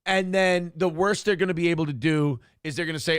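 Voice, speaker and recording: A man hosting a morning talk show in casual chat, rambling and animated, swearing freely with lots of fillers. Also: fairly high pitch, brisk, clear, resonant tone, no echo, clean studio sound.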